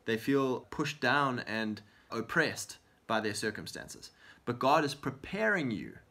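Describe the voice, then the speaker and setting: A man's voice: medium pitch, animated, unhurried, bright, forceful tone. A man co-hosting a faith talk show, speaking earnestly and encouragingly, often acting out prayers as quotes. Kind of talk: conversational Christian encouragement.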